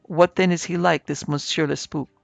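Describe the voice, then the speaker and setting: A man doing an excitable young gentleman. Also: fairly high pitch, normal speed, gravelly, no echo. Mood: curious. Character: excitable young Frenchman, companion to the investigator. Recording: slightly muffled with soft music.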